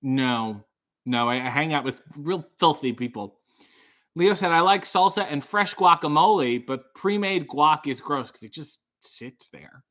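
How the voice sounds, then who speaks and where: A man running a casual live stream, reading viewer comments with dry, deadpan asides that trail off. His voice sits a little high for a man and sounds bright and forceful. He turns loud and upbeat when he greets a guest. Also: a little slow. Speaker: livestream host.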